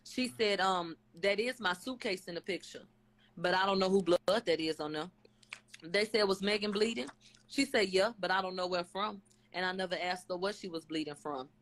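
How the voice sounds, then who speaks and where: A woman's voice: lowish voice, normal speed, fairly bright tone, low-quality recording. A woman on a live stream casually retelling a court hearing, relaying each question and answer with "they said, she said", frequent fillers and blunt asides. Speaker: channel host recapping a court hearing. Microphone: webcam or phone on a live stream.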